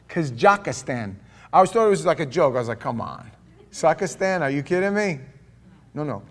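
A middle-aged man preaching a sermon, telling a story with lively acted-out dialogue. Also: fairly high pitch. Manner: storytelling, animated, acts out dialogue. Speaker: pastor.

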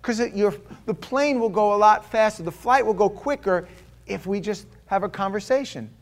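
A man's voice: sits high, moderate pace, pitched above the performer's own voice. A man voicing a smug, condescending grown man who talks down to a child. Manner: smug, patronizing.

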